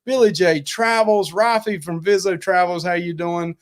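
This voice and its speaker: A man's voice: high voice, steady tone, normal speed. A middle-aged man co-hosting a live cooking and travel stream, chatting casually and rambling as he thanks viewers over and over.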